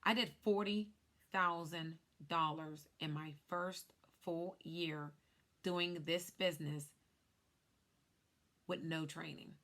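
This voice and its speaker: A woman in her thirties, a life insurance agent, telling her story to camera in an animated way while glancing at cue cards. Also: low voice, slow, long pauses. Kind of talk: casual talk to camera.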